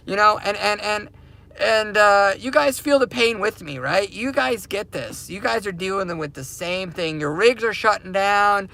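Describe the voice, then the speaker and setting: A man's voice: sits high, measured pace, creaky, sharp tone. A man hosting a crypto mining channel, ranting casually to his viewers from inside his parked car, repetitive and emphatic.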